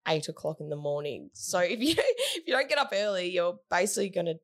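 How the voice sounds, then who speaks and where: An upbeat woman talking casually as a team captain, with a slightly low voice. She speaks loosely and leans on "like" and "yeah" fillers. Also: sing-song, brisk. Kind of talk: casual interview chat.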